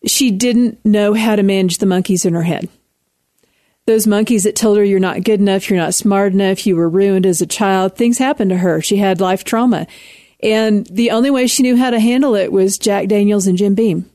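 A woman's voice: mid-range voice, moderate pace, mellow, no echo, clean studio sound. A woman in her fifties with a Texan accent, an author speaking frankly and earnestly as a guest on a radio interview. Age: 50s. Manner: earnest, frank, laughs easily.

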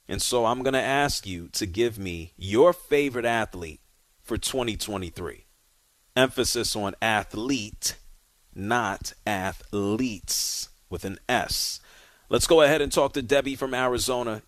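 A man hosting a sports talk radio show, speaking casually and directly and moving callers along briskly. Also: mid-range voice, no echo.

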